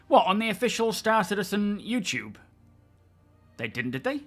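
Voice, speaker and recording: A man's voice: high-pitched, sing-song, moderate pace, fairly bright tone, soft background music. A man from England hosting a casual live stream, chatting loosely and answering viewers by name. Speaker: livestream host.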